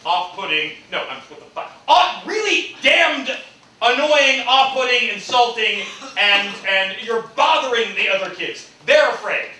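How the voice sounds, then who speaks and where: A man's voice: very high-pitched, lively intonation, a little slow, bright, forceful tone, exaggerated voice. A man playing a flustered teacher in a live comedy sketch, stammering and exasperated. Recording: echoey hall from far off, noisy.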